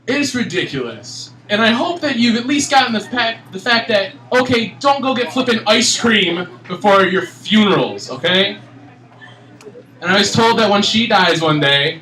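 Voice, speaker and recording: A young man from Michigan in his twenties doing a stand-up comedy set, ranting in an exasperated, animated way. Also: high-pitched, moderate pace, slight background noise. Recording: echoey room, mic at a distance.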